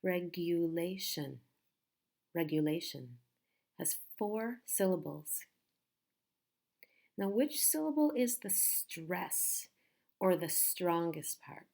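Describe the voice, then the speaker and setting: A woman teaching a pronunciation lesson, speaking slowly and patiently and repeating each word carefully. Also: fairly low pitch, lively intonation, vocal fry, a little mellow.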